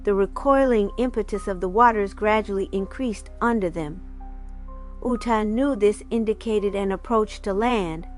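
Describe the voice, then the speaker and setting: A woman reading a folk legend aloud in a measured, dramatic narrating voice. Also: medium pitch, faint music behind. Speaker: storyteller.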